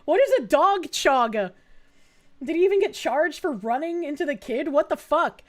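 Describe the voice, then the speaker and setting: High-voiced indignant woman streamer. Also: expressive, moderate pace. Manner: blunt, indignant, swears freely. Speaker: streamer reacting to news. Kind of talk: casual reaction commentary.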